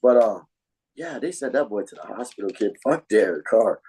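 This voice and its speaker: A man's voice: on the low side, lively intonation, moderate pace, warm tone, husky, rough recording. A man co-hosting a podcast, chatting casually about football in blunt, slangy talk full of swearing. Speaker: podcast co-host. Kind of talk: casual sports chat.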